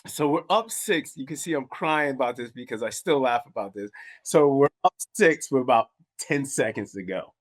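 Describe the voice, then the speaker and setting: A man hosting a podcast, mid-pitched and easygoing. He laughs often and tells stories with animated energy as he introduces his guest. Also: moderate pace. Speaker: podcast host. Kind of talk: casual interview intro.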